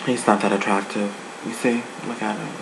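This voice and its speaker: An adult speaker giving a sassy, gossipy casual review, swinging the pitch up and down for effect. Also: flat delivery, fairly quick, vocal fry, noisy background. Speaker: online show reviewer.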